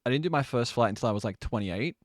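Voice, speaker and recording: A man's voice: medium pitch, animated, fast, no echo, studio quality. A man in his late twenties or thirties, a streamer chatting casually with his live chat and laughing often. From Australia.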